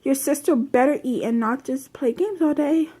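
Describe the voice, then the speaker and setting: A woman's voice: sits high, normal speed, mellow, close to an everyday voice. A woman voicing an affectionate mother in a storybook reading. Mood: fond. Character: warm fond mother.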